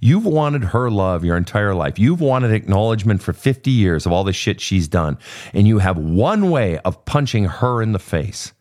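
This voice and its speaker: Blunt, profane male coach with lively pitch. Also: moderate pace. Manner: blunt and profane, pressing with repeated questions. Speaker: host. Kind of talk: confrontational coaching session.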